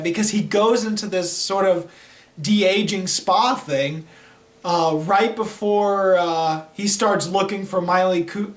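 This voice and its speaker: A young man giving a chatty, opinionated film review in casual talk, often saying "like". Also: high-pitched. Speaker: movie reviewer. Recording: roomy echo, mic at a distance.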